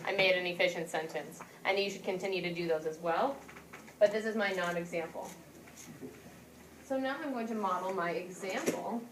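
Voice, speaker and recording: A woman's voice: medium pitch, moderate pace, a little hiss or hum. A woman teaching a class, explaining questions and reading a storybook aloud, acting out the lines. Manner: animated storybook reading with voiced characters. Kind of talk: classroom lesson with read-aloud. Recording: echoey classroom from far off.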